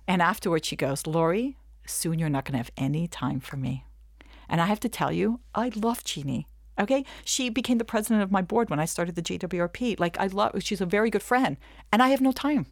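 A middle-aged woman giving a webinar talk, telling stories in a chatty, animated way and checking in often with her listeners. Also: lowish voice, brisk, no echo, clean studio sound. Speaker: webinar speaker. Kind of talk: lively storytelling talk.

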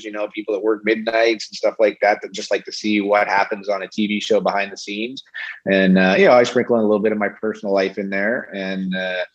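Low-voiced rambling male guest, lo-fi. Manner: rambling, many fillers. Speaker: TV actor, interview guest. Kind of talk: casual interview chat.

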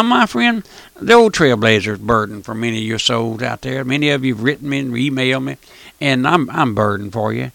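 A man's voice: a little high, vocal fry, sharp tone, no echo. A man preaching a fervent radio sermon, often repeating phrases and calling the listener "my friend". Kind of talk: fire-and-brimstone radio sermon.

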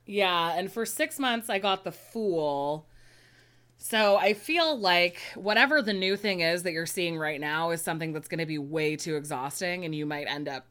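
A woman's voice: lowish voice, lively intonation, moderate pace, fairly bright tone. A woman co-hosting a podcast, chatting casually about tarot readings, laughing often and thinking aloud. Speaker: podcast co-host.

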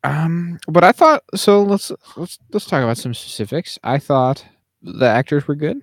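A man's voice: fairly high pitch, expressive, moderate pace, no room sound, studio quality. A man co-hosting a podcast in casual chat, rambling with many fillers and restarts. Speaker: podcast co-host.

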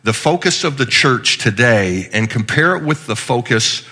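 Bright-voiced male pastor, chatty sermon. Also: medium pitch, expressive, normal speed. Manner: conversational, joking, with frequent restarts.

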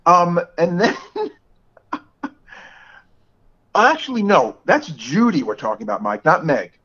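A man's voice: sits high, very animated, slow, a bit bright, husky. A man in his forties with a New York area accent, co-hosting a podcast in casual chat and laughing often. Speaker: podcast co-host. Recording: dull lo-fi podcast audio.

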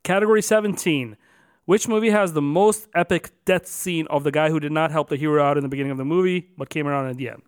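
A man's voice: on the high side, fast, clean tone. A man co-hosting a casual podcast, announcing numbered categories with extra emphasis and then chatting loosely. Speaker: podcast co-host.

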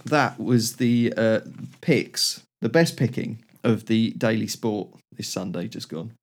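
A man hosting a comedy podcast, chatty and quick to laugh. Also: on the low side. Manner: laughs a lot, chatty, loose. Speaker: podcast host. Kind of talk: casual comedy chat.

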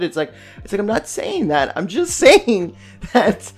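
Co-hosting a podcast, a young man shares a family anecdote, cursing often and animatedly performing other people's lines. He speaks in a high-pitched voice, a little slowly, with hardly any pauses and faint music behind him.

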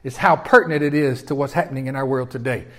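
A man preaching a sermon in a folksy, animated way, often asking his listeners questions. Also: mid-range voice, fast talker. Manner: folksy and animated, with repeated restarts and audience questions. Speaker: pastor.

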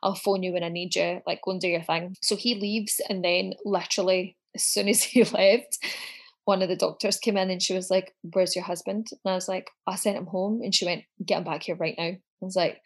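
A woman's voice: lowish voice, steady tone, brisk. Frank, sweary woman telling her story. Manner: frank, sweary, acts out quoted dialogue. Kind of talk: candid personal storytelling.

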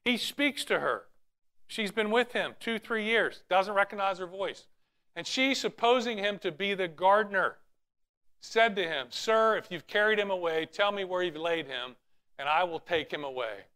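A man's voice: high-pitched, lively intonation, normal speed, pushed and bright. A man preaching a sermon, reading scripture aloud in an earnest way and often restarting his phrases. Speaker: pastor.

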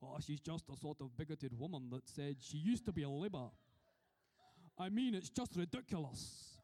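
A man's voice: a little high, moderate pace, dark tone. A man putting on a Scottish accent to play an irritated middle-aged male politician who grumbles in exasperation. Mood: exasperated. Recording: reverberant hall.

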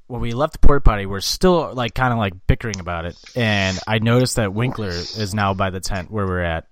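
A young man co-hosting a podcast, telling loose, profane stories in casual chat and loudly acting out what people said. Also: lowish voice, brisk, a little hiss or hum. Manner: swearing storyteller, acts out quotes loudly. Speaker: podcast co-host.

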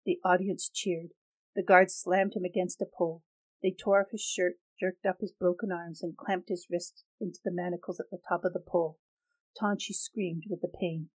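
A woman reads a novel aloud in a steady, measured way. Her voice sits low, and the recording is dry and close. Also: no room sound, low-quality recording. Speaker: narrator. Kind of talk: audiobook reading.

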